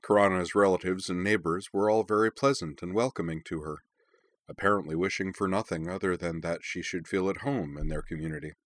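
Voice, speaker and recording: Male audiobook narrator, very low, calm and even, dry read. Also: no echo.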